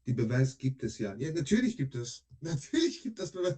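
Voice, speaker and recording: A man's voice: mid-range voice, very animated, fairly quick, mellow. A man from Iran hosting a live stream from his home kitchen, replying to viewers in a heated, blunt way. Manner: heated and blunt, with rising anger. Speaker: livestream host.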